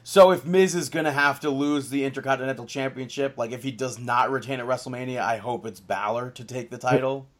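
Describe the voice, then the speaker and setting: A man's voice: medium pitch, fairly even intonation, a little fast, hardly any pauses. A man co-hosting a casual podcast chat, laughing often and acting out quoted lines in bursts. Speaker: podcast co-host.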